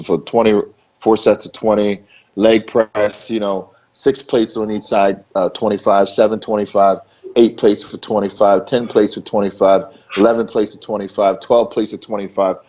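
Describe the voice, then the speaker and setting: Emphatic low-voiced man, dull lo-fi sound. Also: flat delivery, normal speed, warm tone. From Maryland. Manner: emphatic, repetitive, loose and conversational. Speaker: interview guest, bodybuilder. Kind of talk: casual interview talk.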